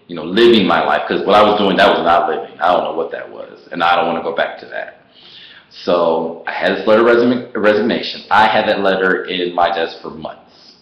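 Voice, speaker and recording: Man, deep voice, animated personal storytelling, laughs a lot, roomy echo. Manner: animated, laughs often, acts out his own past words. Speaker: online business vlogger.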